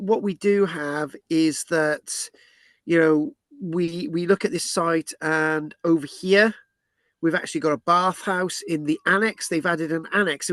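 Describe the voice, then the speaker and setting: British male archaeology presenter, fairly high voice, rambling, dry close sound. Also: a bit bright, dry recording. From Britain. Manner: rambling, with restarts and tag questions. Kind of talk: explaining a site plan.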